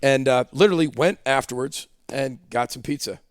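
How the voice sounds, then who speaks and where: In a podcast studio, a head football coach with a mid-range voice tells his story fairly quickly, acting out the dialogue as an animated storyteller in a casual interview. The clean recording has no room sound.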